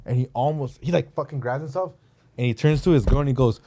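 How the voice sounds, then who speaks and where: A man's voice: mid-range voice, fast, dry recording. A young man co-hosting a podcast, telling a story with lots of swearing in casual chat. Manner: animated storyteller, swears a lot. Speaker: podcast co-host.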